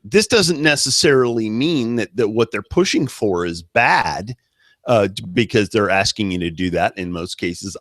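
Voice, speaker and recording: A man's voice: on the low side, a bit bright, no echo, clean studio sound. A man co-hosting a political commentary show, emphatic and full of stammered restarts. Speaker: co-host.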